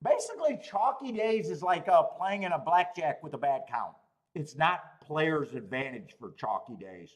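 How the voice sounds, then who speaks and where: A man's voice: on the high side, very animated, normal speed. A man hosting a live stream, worked up and ranting, pleading, swearing and laughing as he talks. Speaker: host. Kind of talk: live-stream chat rant.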